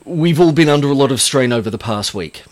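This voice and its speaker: A man voicing a weary, apologetic female base commander in a tabletop game, speaking in a formal, measured way. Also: mid-range voice, expressive, lightly acted.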